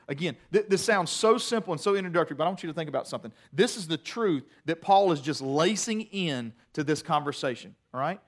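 A pastor preaching with a high, bright-sounding male voice. He tells a story in a relaxed, self-mocking way, drops into quiet low asides and then builds to loud, emphatic peaks. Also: fast talker, few pauses. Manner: conversational storytelling with self-deprecating humor. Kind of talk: sermon.

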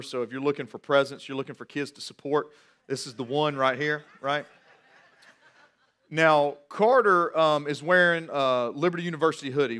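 A man in his forties preaching a sermon as pastor, animated and repeating words as he builds each point. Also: on the high side.

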